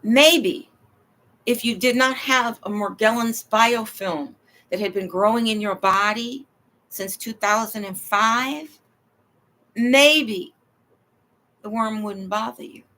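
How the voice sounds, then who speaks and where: A woman's voice: fairly high pitch, slow pace, pauses often, pushed and bright. Rambling woman telling a personal story. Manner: rambling, emphatic, acts out quoted dialogue.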